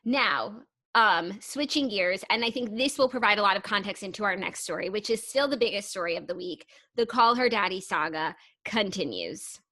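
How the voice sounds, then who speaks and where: A young woman co-hosting a pop culture podcast, chatting casually with lots of "like" and getting animated and emotional over gossip. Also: mid-range voice, moderate pace, no echo. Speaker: podcast co-host. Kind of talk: casual chat.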